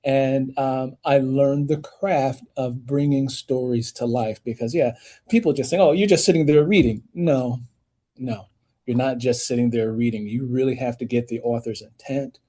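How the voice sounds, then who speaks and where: A man, an author and audiobook narrator, speaking as a podcast interview guest, animated, with emphatic rises in pitch when he makes a point. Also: a little slow. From United States.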